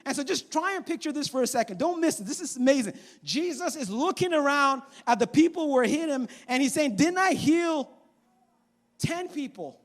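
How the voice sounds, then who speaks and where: Very high-voiced man preaching a sermon. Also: fast talker, hardly any pauses. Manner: animated, acting out voices in the story. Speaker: pastor. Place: church sanctuary.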